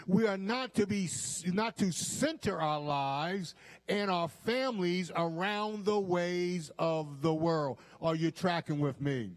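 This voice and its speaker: A man's voice: sits high, slow pace. A man preaching a sermon to a congregation. He speaks with emphasis, repeats key lines and keeps checking that his listeners are following him. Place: church.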